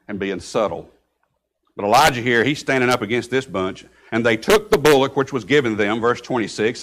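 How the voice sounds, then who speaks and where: A man preaching a sermon at an average, middle pitch. His delivery is mostly conversational, but he breaks into sudden loud outbursts when he quotes scripture. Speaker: pastor.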